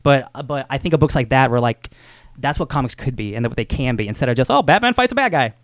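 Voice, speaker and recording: Man, podcast co-host, fast excited chatter, restarts, dry close sound. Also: medium pitch, no echo. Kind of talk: casual comic-book chat.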